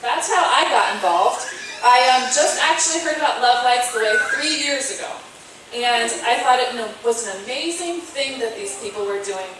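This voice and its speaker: A woman's voice: fairly high pitch, expressive, moderate pace. A woman volunteer giving an earnest, grateful thank-you speech at a fundraiser, with hesitant fillers, recorded from a distance in a hall. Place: indoor event hall at a fundraising concert. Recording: very echoey hall, from far off, noisy.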